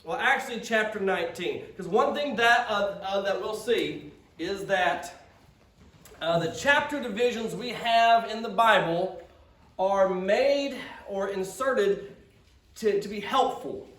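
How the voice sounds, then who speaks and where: Man, pastor, sermon, high voice, stumbling restarts, echoey room, from a distance. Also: lively intonation, slow pace, a bit bright. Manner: conversational, stammering restarts, acts out quotes. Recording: roomy sound from off-mic.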